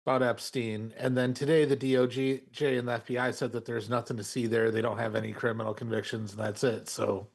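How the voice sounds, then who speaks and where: A man's voice: medium pitch, level tone, fairly quick, gravelly, hardly any pauses, breathy edge. Wry, dry-talking podcast co-host man. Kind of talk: casual podcast chat.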